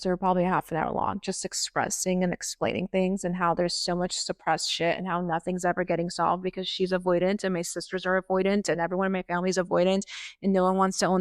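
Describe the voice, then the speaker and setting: A woman's voice: fairly low pitch, little pitch movement, fast talker, no echo, studio quality. A young adult woman hosting a podcast, venting in a raw, exasperated personal monologue with frequent swearing. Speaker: podcast host.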